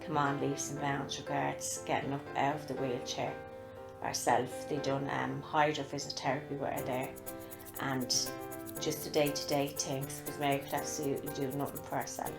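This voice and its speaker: A woman with an Irish accent telling an earnest, steady story of a family member's time in hospital. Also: rumbling low, moderate pace, vocal fry, loud music behind the voice. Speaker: interviewee, sister of the patient. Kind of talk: recorded testimony.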